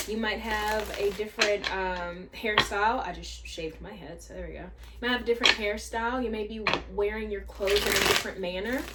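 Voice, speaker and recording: A woman's voice: medium pitch, very noisy. A woman chatting her way through a tarot reading, thinking aloud with many fillers and asides. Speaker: tarot reader. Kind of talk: casual spiritual tarot reading.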